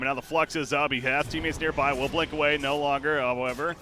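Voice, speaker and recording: A male esports caster with a bright, forceful tone, calling a live match play by play. His voice climbs and gets louder whenever a fight breaks out. Faint noise sits under the close mic. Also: fairly even intonation. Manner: quick play-by-play that surges in pitch and volume during fights. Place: home streaming setup.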